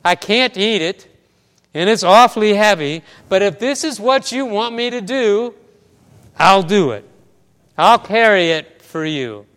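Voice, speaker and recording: Guy doing a humble little ant praying, earnest, kinda high voice, long church echo. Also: lively intonation, measured pace, fairly bright tone. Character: small male ant, dutiful and patient.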